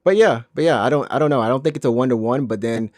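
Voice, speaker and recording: A man's voice: medium pitch, quick pace, dry recording, clean studio sound. A man from Alabama without a Southern accent, co-hosting a gaming podcast in casual, rambling chat with many restarts. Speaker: podcast co-host.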